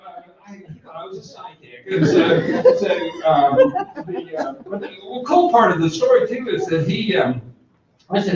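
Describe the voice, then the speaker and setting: A man's voice: high voice, sing-song, normal speed, a little mellow, slight background noise. A middle-aged man giving a conference talk, telling a humorous personal story in a folksy, rambling way with many fillers and restarts. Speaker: conference speaker. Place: large conference room. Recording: echoey hall, distant mic, dull sound.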